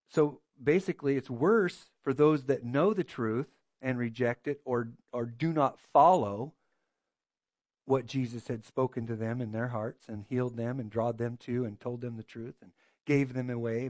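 A man's voice: mid-range voice, fairly even intonation, measured pace, a little mellow, dry recording. A man preaching a sermon as a pastor, earnest and full of rhetorical questions.

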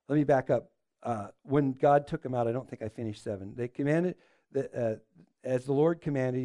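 A man's voice: medium pitch, warm tone, dry recording, clean studio sound. A man preaching a sermon as a pastor, asking the listeners rhetorical questions and often restarting his phrases.

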